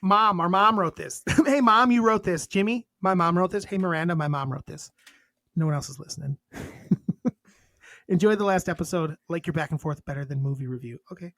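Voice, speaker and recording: A man's voice: a little high, a little fast, a bit bright, no echo. A man co-hosting a podcast in casual chat, reading a list aloud and cracking crude jokes between items. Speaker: podcast co-host.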